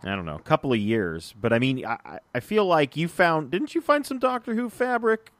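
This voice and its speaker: A man's voice: on the high side, very animated, a little fast, fairly bright tone, no echo. A man hosting a casual podcast, chatting with his co-host and rambling a little, with fillers and restarts. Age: adult, uncle of a three-year-old.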